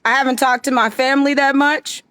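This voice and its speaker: High-voiced confrontational woman. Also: fairly even intonation, fairly quick, fairly bright tone, no echo. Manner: emphatic and confrontational, preachy. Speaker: vlogger addressing viewers. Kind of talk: direct-to-camera monologue.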